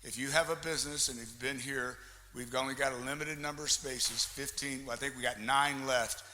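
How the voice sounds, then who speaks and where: A man working the room as a meeting emcee, loose and playful, with a very bright, sharp-edged voice. It sounds as if it's carried through a microphone into a large hall, ringing with a long reverb over faint background hiss. His talk stays casual and full of quips. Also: medium pitch, steady tone, fairly quick. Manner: joking, loose and chatty with the crowd. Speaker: chamber of commerce meeting emcee. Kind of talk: emceeing a live business meeting.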